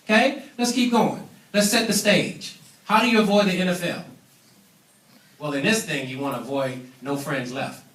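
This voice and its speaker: Emphatic high-voiced man in echoey room. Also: normal speed, a bit bright. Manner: emphatic, preachy, calls for audience responses. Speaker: business trainer. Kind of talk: seminar training talk. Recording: echoey room, mic at a distance.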